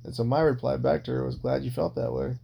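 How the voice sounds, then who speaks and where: A man's voice: mid-range voice, fairly even intonation, quick pace, creaky, dark tone, husky. A man telling personal stories in a casual podcast chat, rambling, blunt and full of swearing. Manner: rambling, heavily profane, blunt. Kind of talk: casual confessional storytelling.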